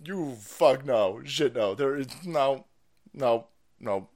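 A man streaming ranting commentary, foul-mouthed and loud, laughing and jumping between mutters and yells. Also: mid-range voice, slow pace.

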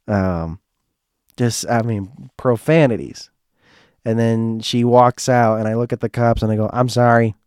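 A man hosting a podcast, telling a casual anecdote in a rambling, animated way and jumping higher when he quotes himself. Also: unhurried, clean tone, no room sound, studio quality. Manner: animated, rises in pitch when quoting himself; rambling, with many fillers. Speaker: podcast host.

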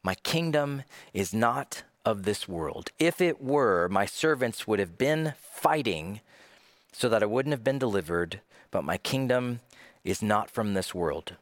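A preacher voicing a calm, solemn man of authority. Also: lowish voice, dry recording. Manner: measured and grave.

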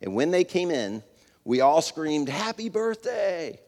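A man's voice: fairly high pitch, animated, unhurried, mellow, big-room sound. A man reading a story aloud to an audience, telling it in an earnest storytelling manner. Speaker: speaker.

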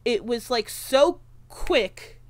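A woman's voice: a little high, animated, extremely slow. Young woman rambling a movie recap. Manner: rambling recap, heavy filler words and swearing. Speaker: podcast co-host. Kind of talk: casual movie-discussion chat.

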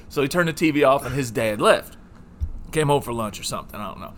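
A man's voice: mid-range voice, brisk, a bit bright. A middle-aged man telling a profane story in casual chat, chuckling and sometimes dropping to a mutter. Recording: noisy room.

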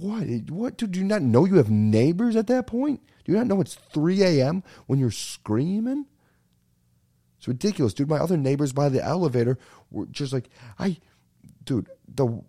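Young dude ranting on his podcast, kinda low mellow voice, says dude constantly. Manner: animated, swearing, says "dude" a lot. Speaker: podcast host. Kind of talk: casual comedic rant.

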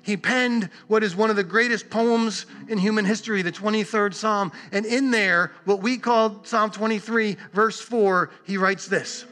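Earnest preacher man, high bright voice. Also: fairly even intonation. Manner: earnest, emphatic, with long pauses and repeated words. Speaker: pastor. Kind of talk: sermon.

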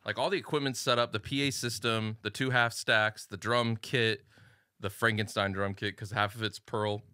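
A man's voice: lowish voice, normal speed, clear, resonant tone, no echo. A man hosting a casual podcast, joking and acting out other people as he tells stories. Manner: joking, animated storyteller who acts out others. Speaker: podcast host.

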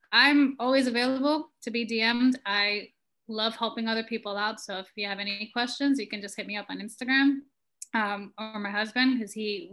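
A woman guest on a podcast, talking in a relaxed, casual way with frequent "um" and "kind of". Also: medium pitch.

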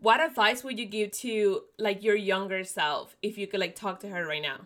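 Bright, excitable young woman podcast host. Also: mid-range voice, moderate pace. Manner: excitable, swears a lot, says "like" constantly. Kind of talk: casual chat.

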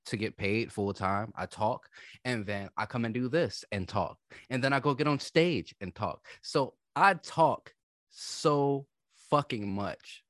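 On a casual podcast, a male co-host tells stories from his day, swearing freely and acting out the people involved. His voice is mid-range, unhurried and fairly bright, recorded cleanly in a studio with no room sound.

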